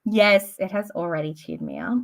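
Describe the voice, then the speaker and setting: A woman's voice: medium pitch, moderate pace, gravelly. A woman, chatting casually and rambling on a live stream, full of "like" and "um". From Australia. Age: late 20s. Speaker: book streamer.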